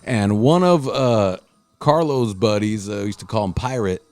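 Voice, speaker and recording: A man hosting a casual chat, telling a story with loud acted-out quotes and frequent swearing. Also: lowish voice, normal speed, no echo, faint music behind. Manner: animated, swearing, acts out quotes loudly. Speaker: podcast host.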